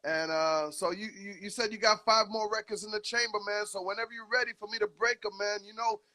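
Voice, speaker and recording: A man's voice: sits high, fairly even intonation, fast, sharp tone. A man hosting a radio show, chatting casually with a guest in hyped, slangy talk and laughing often. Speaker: radio DJ host. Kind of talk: casual radio interview chat.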